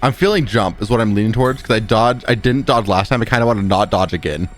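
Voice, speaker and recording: A man's voice: lowish voice, fast talker, soft background music. A man streaming a story game live, reading it aloud and chatting playfully with his viewers.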